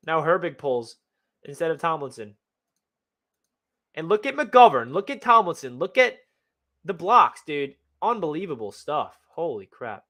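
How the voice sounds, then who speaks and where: A young man excitedly breaking down game film as a fan analyst, talking in a slangy way full of exclamations. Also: on the high side, unhurried, pauses often.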